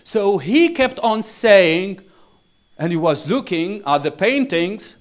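A man lecturing interpreting students, deliberate and chuckling at his own stories. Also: high-pitched, sing-song. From Tunisia. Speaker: university lecturer.

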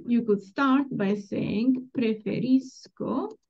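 A woman teaching a language class over a video call, slowly and patiently modeling words for students to repeat. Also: on the high side, vocal fry. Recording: dull lo-fi call audio.

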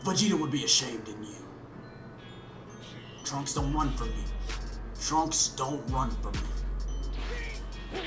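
A woman's voice: extremely low pitch, expressive, normal speed, long pauses, over loud music, pitched below the performer's own voice. A woman voicing a proud, stern alien warrior from a video game, talking down to rivals in a solemn, lordly way. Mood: scornful. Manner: solemn, lordly trash talk. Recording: roomy room sound.

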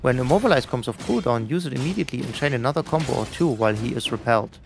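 A man's voice: medium pitch, creaky, faint music behind. A middle-aged man giving a scripted, instructive voice-over for a game boss guide. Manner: brisk, instructive, even delivery.

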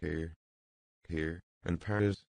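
A man's voice: deep voice, steady tone, slow pace, creaky, darkish tone, no echo, full character voice. A man voicing a distraught young woman in an audiobook reading, breathless and imploring.

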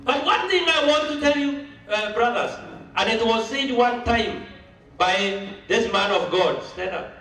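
A man's voice: very high-pitched, expressive, measured pace, a little hiss or hum. A man giving an emphatic sermon-style speech at a church launch, mixing languages. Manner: emphatic, mixes languages, rising to a shout. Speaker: church leader speaking at a launch. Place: church hall. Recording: echoey hall, voice from far off, music behind.

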